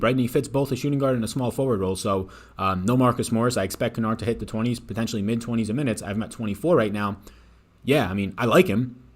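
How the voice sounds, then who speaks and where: Fast-talking man hosting a picks stream. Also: medium pitch. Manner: rapid, casual, swears freely. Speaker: fantasy sports picks host. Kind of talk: live-stream sports betting talk.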